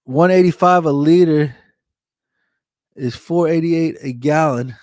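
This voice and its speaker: A slightly higher-pitched American man rambling through a casual live stream rant, circling back over the same points. His voice sits close and dry on the mic, with no room sound around it. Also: slow, pauses often, a little mellow, no room sound. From United States. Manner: rambling, repeats phrases, says man and dude. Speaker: live streamer reading chat.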